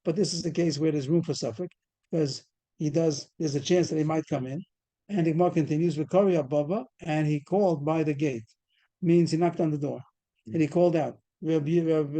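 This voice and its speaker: A man's voice: fairly high pitch, a little fast, warm tone. A man teaching a Talmud class over a video call, explaining a case step by step and quizzing the students. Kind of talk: fast Talmud study lecture.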